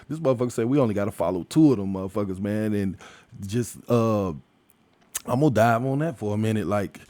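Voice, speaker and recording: A man's voice: mid-range voice, a little mellow, no echo. Heated, profane man ranting on a podcast. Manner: profane, heated, laughing between points. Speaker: podcast host. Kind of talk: ranting solo monologue.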